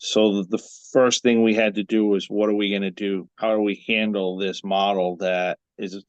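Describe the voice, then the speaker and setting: A male dental association president giving measured answers in an interview and asking rhetorical questions. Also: on the low side, little pitch movement, no echo, lo-fi sound.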